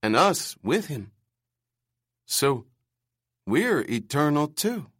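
A man's voice: a little high, very animated, slow, a bit bright, breathy edge, no room sound, clean studio sound, voice pushed up, exaggerated voice. A man reading aloud and voicing a timid, earnest young man who stammers.

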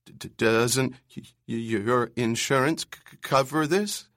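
A man's voice: medium pitch, sing-song, unhurried, a bit bright, dry recording, clean studio sound, pitched above the performer's own voice. A man doing a timid, stammering young man. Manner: stammering, earnest.

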